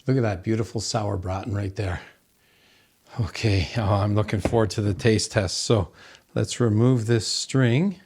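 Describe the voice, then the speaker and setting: A man with a fairly low voice hosts a home cooking demonstration in his kitchen. He speaks slowly and unhurriedly, exclaiming over the food and chatting to viewers as folks. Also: fairly even intonation, darkish tone, slight background noise. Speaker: cooking show host.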